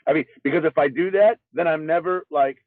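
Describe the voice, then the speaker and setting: Livestream co-host, male, slightly high voice, dry close sound, talks in restarts. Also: a little fast, dry recording. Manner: rambling, restarts a lot. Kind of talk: casual chat. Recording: tinny phone-like line.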